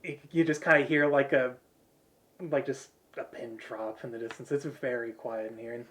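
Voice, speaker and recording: A man's voice: medium pitch, steady tone, moderate pace, a bit bright. A man narrating a tabletop game as game master, casual and full of fillers.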